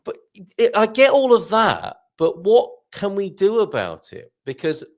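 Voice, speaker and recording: Gravelly, animated man hosting a show. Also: sits high. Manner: chatty, prompting guests with questions, quick laughs. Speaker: show host. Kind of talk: casual live-show chat.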